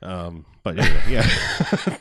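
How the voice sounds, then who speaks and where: A man's voice: low-pitched, sing-song, takes it slowly, pushed and bright, husky, no echo. Man, casual movie chat, profane, chuckling often, dry close sound. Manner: laid-back, profane, laughs often.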